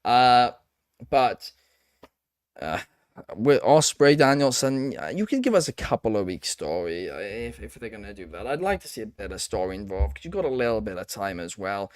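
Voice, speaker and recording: A man's voice: fairly low pitch, very animated, normal speed, dry recording, studio quality. A man hosting a casual podcast discussion who agrees readily and hands the talk to others with questions. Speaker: podcast host.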